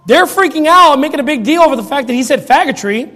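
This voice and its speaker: A man preaching in a mocking, sarcastic rant, now and then bursting into shouts. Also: extremely high pitch, expressive, quick pace. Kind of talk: ranting commentary. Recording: long reverb.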